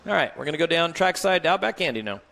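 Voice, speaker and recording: A man with a slightly higher voice announces from the broadcast booth. His delivery is upbeat and polished. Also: expressive, rapid-fire, gravelly, sharp tone. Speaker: race announcer.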